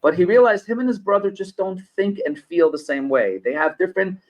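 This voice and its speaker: A man's voice: high-pitched, a little fast, rough recording. A middle-aged man from New York, a business consultant and podcast guest, who explains his points through personal anecdotes and repeats phrases for emphasis. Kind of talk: conversational podcast interview.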